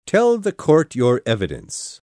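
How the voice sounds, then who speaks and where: Woman doing a storybook king, old and pompous, deep gruff voice, slow heavy delivery. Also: wildly swooping pitch, warm tone, no echo, studio quality, exaggerated voice. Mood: stern. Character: pompous fussy old king presiding over a trial.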